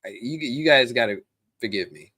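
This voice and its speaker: A man's voice: medium pitch, normal speed, slightly rough. A man hosting a live stream, chatting casually and animatedly with viewers in the chat. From United States. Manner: animated, talks directly to chat viewers, many restarts.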